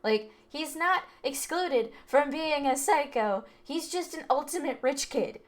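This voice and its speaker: Woman gamer talking over her game, kinda high pitched, blunt and sweary. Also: lively intonation, measured pace. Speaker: game streamer. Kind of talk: casual let's-play commentary.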